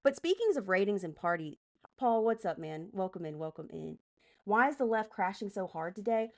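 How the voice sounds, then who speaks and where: A woman's voice: medium pitch, animated. A woman live streamer doing political commentary, heated and profane, breaking off to greet chat and direct moderators. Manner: heated, profane, rapid asides to chat and mods.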